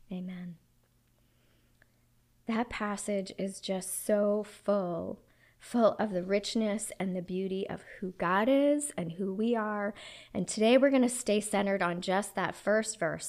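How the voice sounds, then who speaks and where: A woman's voice: medium pitch, darkish tone. A woman in her thirties preaching a sermon, telling a personal story in an earnest, reflective way.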